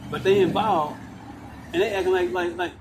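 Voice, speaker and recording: Standing outdoors near walls and concrete with noise in the background, a vlogger rants into his phone camera in a rambling way. His voice sits high and steady at normal speed while he gets agitated, profane and repetitive.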